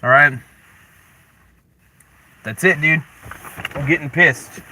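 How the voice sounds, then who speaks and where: A young man hosting a casual livestream, ranting in mock anger and chatting with viewers, with sudden loud outbursts. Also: a little high, slow pace, slight background noise. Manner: animated, mock-angry rants with sudden yelled bursts. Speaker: livestream host.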